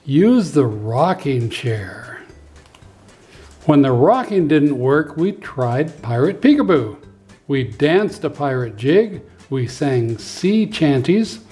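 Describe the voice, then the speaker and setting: Male preschool teacher, storybook read-aloud; expressive and unhurried, faint background music. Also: on the high side, breathy edge. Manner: expressive, lively storytelling with voices.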